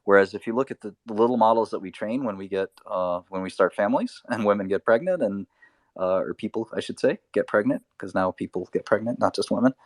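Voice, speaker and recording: A man's voice: on the low side, fast, no room sound, clean studio sound. A man hosting a live audio chat, thinking aloud in a rambling casual way with lots of fillers. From Albanian family background. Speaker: host. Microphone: remote voice chat.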